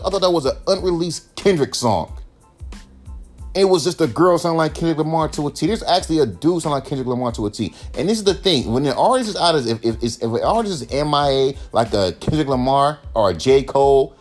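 Guy in his 30s going off on a podcast rant, swears constantly, really animated voice. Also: a little fast, faint music behind. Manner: profane, animated, mocks critics in high sneering voices. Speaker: podcast host. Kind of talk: ranting monologue.

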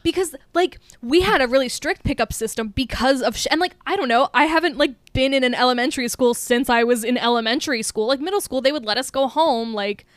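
Young woman cohost, high smooth voice, dry close mic, chatty and sweary. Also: quick pace, hardly any pauses, no echo. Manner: chatty, swears freely, acts out quotes. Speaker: podcast co-host. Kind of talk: casual movie chat.

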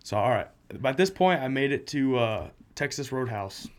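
A man's voice: medium pitch, expressive, normal speed. A young man in casual chat, telling a story with laughs and acted-out quotes.

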